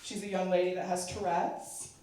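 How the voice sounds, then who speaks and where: A woman's voice: lowish voice, little pitch movement, moderate pace, dark tone. A middle-aged woman doing a stand-up comedy set, chatty and self-mocking, laughing at her own jokes. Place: charity event hall. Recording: echoey room, mic far off.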